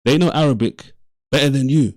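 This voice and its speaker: Man, debate host, insistent, repeats himself, talks over others, dry close sound, mid pitch. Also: fairly quick, no room sound. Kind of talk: heated debate.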